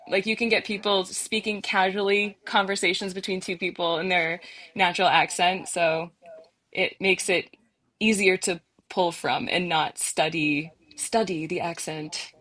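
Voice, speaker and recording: A woman's voice: lowish voice, fairly even intonation, measured pace, fairly bright tone. A woman, a voice actor, explaining things casually and with a joking edge on a panel.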